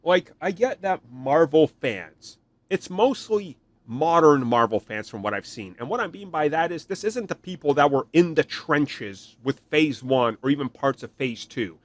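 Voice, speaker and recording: A man hosting a podcast, giving an animated, opinionated rant and mocking other fans in put-on voices. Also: a little high, a little slow, no echo. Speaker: podcast host. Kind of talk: opinionated solo commentary.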